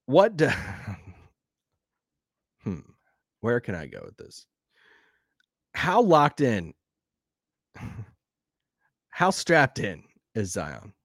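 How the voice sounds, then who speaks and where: A man with a Southern accent hosting a sports podcast, rambling and animated, laughing now and then. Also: mid-range voice, drawn-out words, long pauses, no echo, studio quality. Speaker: podcast host. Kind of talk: casual sports talk.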